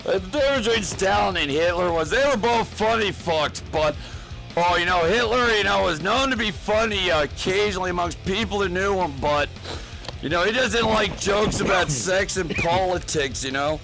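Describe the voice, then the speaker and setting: A man's voice: high-pitched, animated, normal speed, vocal fry, music in the background, rough recording. A man doing a rambling, profane comedic rant full of fillers, as a gaming vlogger.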